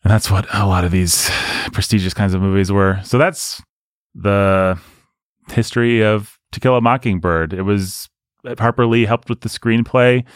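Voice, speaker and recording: Deep-voiced man talking movies, opinionated. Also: fairly even intonation, normal speed, clear, resonant tone, no room sound, clean studio sound. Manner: opinionated, conversational, digressive. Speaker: podcast co-host. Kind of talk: casual film discussion.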